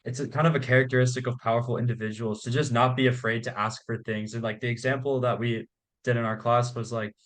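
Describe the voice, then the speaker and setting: A man's voice: mid-range voice, fairly even intonation, fast. A young man, a student hosting an interview, talking in a casual, conversational way. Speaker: host, student.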